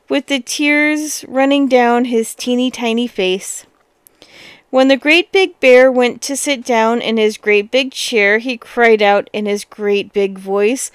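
Smooth-voiced woman reading a fairy tale. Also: on the high side, a little slow, dry recording. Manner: expressive, with lively exclamations. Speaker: storyteller.

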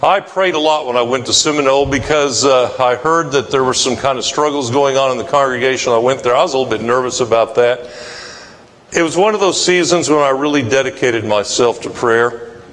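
A man's voice: mid-range voice, a little fast, fairly bright tone, in a large hall, poor audio. A male pastor preaching a sermon, telling a personal story in a folksy way and acting out the people in it. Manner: folksy, acts out quoted voices. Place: church sanctuary.

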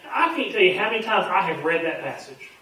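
A man's voice: high voice, lively intonation, fast talker, pushed and bright, distant mic. A man, a pastor teaching a Bible study in a folksy, earnest, conversational way with frequent fillers. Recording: very echoey room, voice off-mic with faint hum.

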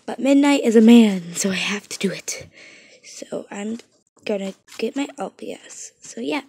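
A woman putting on a gruff raspy toy guy. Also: expressive, measured pace, dark tone, slight background noise, low-quality recording. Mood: low gruff. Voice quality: raspy, strained deep voice. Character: male toy character, deep-voiced and gruff. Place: bedroom.

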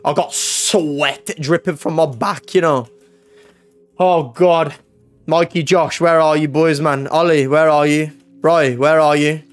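Young man, gameplay commentary, panicky screams and swearing, fairly high voice, faint music behind. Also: fairly even intonation, takes it slowly. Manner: panicky, loud yelps and screams, swearing, talks to chat. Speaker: gaming YouTuber.

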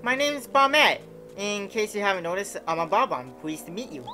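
A woman's voice: mid-range voice, expressive, moderate pace, sharp tone, faint music behind. A woman reading game dialogue as a cheerful, feisty young female bob-omb, with an eager, bouncy delivery. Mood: perky.

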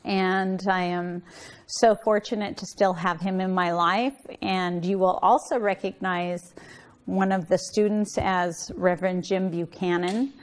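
A woman minister preaching warmly and emotionally at a Mother's Day service, calling on the congregation to respond. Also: fairly low pitch, steady tone, unhurried. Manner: emotional, heartfelt and affirming.

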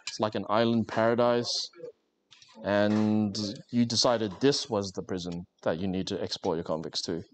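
A man's voice: on the low side, fairly even intonation, moderate pace, a little hiss or hum. A man livestreaming while he crafts, chatting casually with viewers in a rambling, joking way with lots of fillers. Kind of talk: casual live-stream chat while crafting.

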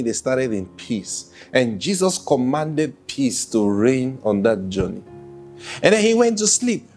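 A pastor preaches at an unhurried pace. He acts out quotes and laughs between points. Soft music plays faintly behind him. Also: medium pitch. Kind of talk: sermon.

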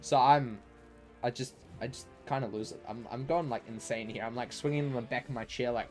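A man's voice: medium pitch, brisk, darkish tone, soft background music. A man who streams live, telling a long story in casual chat to his viewers, rambling with fillers and restarts.

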